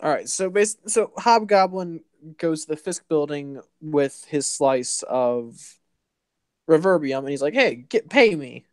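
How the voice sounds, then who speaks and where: A man's voice: fairly high pitch, darkish tone, clean tone, no room sound. Rambling man recapping comics, dry close sound. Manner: rambling, halting, with restarts and fillers. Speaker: host. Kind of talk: casual comic book recap chat.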